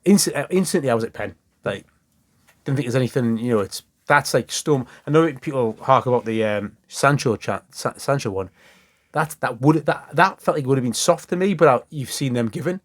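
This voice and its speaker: A quick-talking man, chatting on a casual football podcast. He keeps slipping into quoted lines from others and swears freely. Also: mid-range voice. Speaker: podcast co-host.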